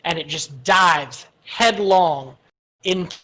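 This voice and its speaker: A woman's voice: fairly low pitch, slow pace, pushed and bright. A woman running a tabletop game as game master, narrating monster attacks with hesitant fillers. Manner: descriptive, hesitant with many fillers.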